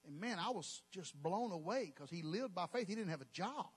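A man's voice: high-pitched, lively intonation, normal speed, husky, big-room sound. A male pastor, preaching emphatically with folksy, joking asides. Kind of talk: sermon.

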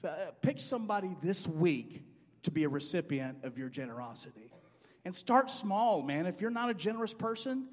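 Middle-aged male pastor, lively sermon delivery, long hall reverb. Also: sits high. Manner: animated, acts out quoted dialogue loudly. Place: church sanctuary.

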